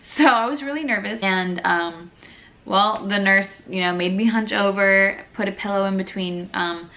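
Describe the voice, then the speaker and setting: A woman's voice: medium pitch, measured pace, bright, forceful tone. A young woman telling her own birth story in a frank, casual, chatty way. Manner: candid, frank, chatty with many fillers.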